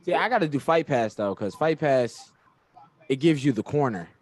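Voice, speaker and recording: A man's voice: mid-range voice, lively intonation, normal speed. A man co-hosting a casual fight-watching stream, speaking, joking loosely and rambling in slang. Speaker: podcast co-host.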